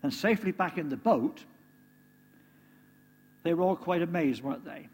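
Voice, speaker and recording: A man's voice: fairly high pitch, animated, normal speed, a little mellow, breathy edge. A man giving a conversational sermon to a congregation, often turning to them with questions like "didn't they?". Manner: conversational, asks the listeners tag questions. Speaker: preacher. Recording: reverberant hall, faint hum.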